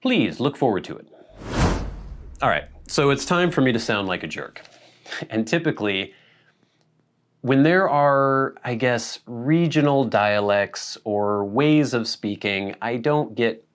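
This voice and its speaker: A man's voice: medium pitch, animated, slow. A man from the Pacific Northwest, hosting his own channel and chatting casually, musing aloud with small laughs and self-corrections. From Pacific Northwest, USA. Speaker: channel host. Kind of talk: casual vlog chat to camera.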